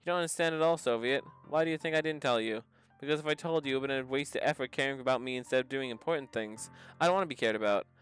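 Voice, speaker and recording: Give me a hushed, hopeless teen girl, read by a man with a smooth, mid-pitched tone. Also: rapid-fire, few pauses, soft background music, natural voice. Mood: despairing. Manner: soft, subdued reading, pitched below his own voice. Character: gloomy teenage girl confessing her sadness. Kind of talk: reading visual novel dialogue aloud.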